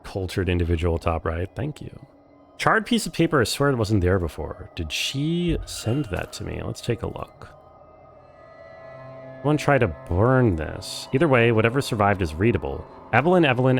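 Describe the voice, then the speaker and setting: Young Californian man, laid-back game streamer, rambling chat, lower register. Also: normal speed, gravelly, faint music behind. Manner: chatty, relaxed, lots of "like". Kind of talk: casual live-stream chat.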